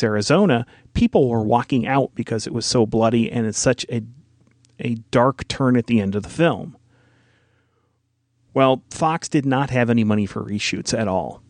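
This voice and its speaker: A man's voice: mid-range voice, moderate pace, a little mellow, no echo. A man co-hosting a podcast, explaining film trivia at length in casual conversation. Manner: informative, explains details at length. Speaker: podcast co-host.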